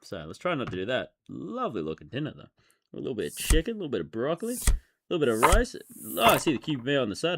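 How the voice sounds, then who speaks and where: A man giving casual running commentary as he plays online poker, thinking aloud and swinging from excited outbursts to low muttering. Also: quick pace, vocal fry, very noisy.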